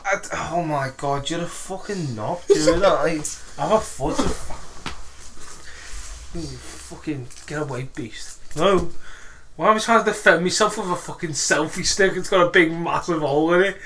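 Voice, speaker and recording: A fairly high-voiced man co-hosting a podcast with a bright, forceful tone. He jokes around excitably and drops plenty of swear words, with faint noise underneath. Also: moderate pace. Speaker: podcast co-host. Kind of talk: casual banter.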